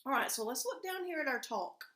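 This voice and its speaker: Lady teacher going over a reading lesson, kinda high voice, echoey room. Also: lively intonation, a little fast, fairly bright tone. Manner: patient, guiding questions to pupils. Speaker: elementary school teacher. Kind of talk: recorded remote reading lesson.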